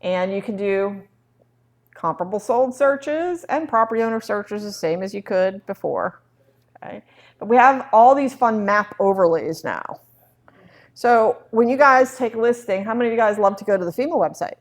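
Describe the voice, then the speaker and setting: Running a training session on real estate software, a woman speaks at a medium pitch and normal speed with an animated delivery. She chats along and performs small dialogues from her anecdotes.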